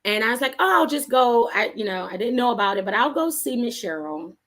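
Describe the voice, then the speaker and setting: She's an author on an interview, and she talks fast in a medium-pitched voice. Her storytelling is relaxed and spirited, full of laughter and impressions of the people she's quoting.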